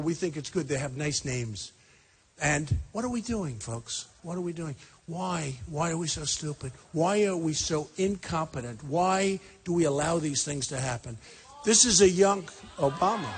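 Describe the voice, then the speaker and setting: A man's voice: a little high, expressive, moderate pace, breathy edge. Emphatic man in his sixties at a rally. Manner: rambling, emphatic, repetitive, speaks to the crowd. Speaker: political candidate. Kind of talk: campaign rally speech. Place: packed high school gym.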